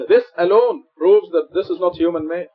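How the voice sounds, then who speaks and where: A man's voice: sits high, a little slow, breathy edge. A man preaching in a mosque, earnest and explanatory, repeating his points for emphasis. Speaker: preacher teaching Quran study. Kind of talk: sermon. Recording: dull lo-fi recording.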